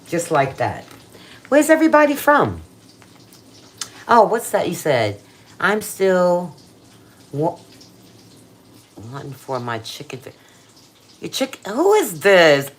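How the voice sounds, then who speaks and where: A woman's voice: on the low side, big pitch swings, slow, long pauses. A woman hosting a casual cooking livestream from her kitchen, chatting playfully with viewers and using slang.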